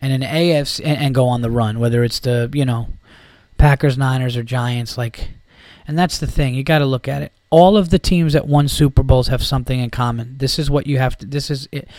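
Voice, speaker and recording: With a mid-range, darkish voice and fairly even intonation, a podcast host rants briskly about football. The casual rant is heated, profane and rambling, and there's no echo.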